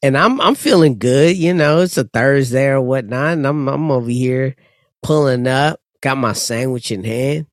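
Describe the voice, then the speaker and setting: A man's voice: mid-range voice, moderate pace, dry recording, studio quality. Blunt, profane man telling a story. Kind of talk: casual chat.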